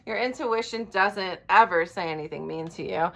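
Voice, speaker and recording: A woman's voice: on the low side, moderate pace, vocal fry, pushed and bright. A woman life coach giving an earnest talk, checking in with listeners after each point and swearing now and then. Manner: blunt, swears casually. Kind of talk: direct-to-camera coaching talk.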